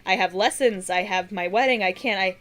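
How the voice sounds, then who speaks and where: A woman's voice: mid-range voice, a little fast, fairly bright tone, faint music behind, lightly acted. A woman voicing a frightened young man who has just been brought back from the dead, stammering and tearful. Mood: panicked. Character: young man, frightened newly revived corpse.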